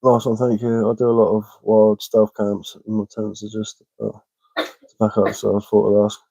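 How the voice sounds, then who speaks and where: Guy a bit hoarse, lowish voice, dry close sound, rambly livestream chat with lots of ums. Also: completely flat delivery, moderate pace, warm tone, no echo, rough recording. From England. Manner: rambling, hesitant, repeats words and fillers. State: slightly hoarse from illness. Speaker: bushcraft livestreamer. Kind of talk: casual livestream chat answering comments.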